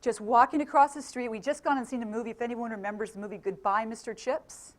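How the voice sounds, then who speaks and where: A middle-aged English woman gives a motivational talk to a live audience, constantly posing questions to the crowd and laughing often. She speaks quickly in a slightly high voice with fairly even intonation.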